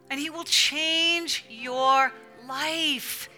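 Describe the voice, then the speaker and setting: A woman's voice: high voice, slow pace, pushed and bright, faint music behind. A woman preaching a fervent, emphatic sermon to a women's church gathering, with a repetitive preaching cadence.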